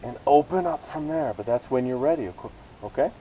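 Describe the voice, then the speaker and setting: A man teaching a beginner yoga class, calling out poses and breaths in relaxed, encouraging cues with casual asides. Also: medium pitch, a little fast, dull audio, slight background noise. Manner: relaxed, encouraging cueing with self-aware asides. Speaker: yoga instructor. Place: outdoors with rain and hummingbirds about.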